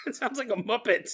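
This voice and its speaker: Bright-voiced man telling a story jokingly. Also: sits high. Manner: jokey, laughing asides, acts out bits. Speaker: podcast host. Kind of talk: casual storytelling.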